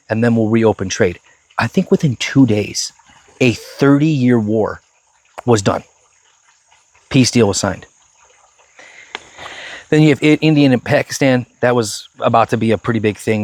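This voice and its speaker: An emphatic man in a casual current-events chat. His voice sits at an ordinary middle pitch, and the close, dry room adds nothing. He often restarts and repeats words as he drives a point home. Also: no echo. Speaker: podcast co-host.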